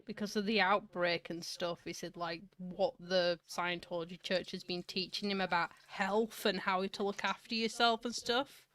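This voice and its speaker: A woman's voice: on the low side, fairly even intonation, normal speed, hardly any pauses, fairly bright tone. A woman co-hosting a casual chat, teasing and laughing often. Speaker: co-host.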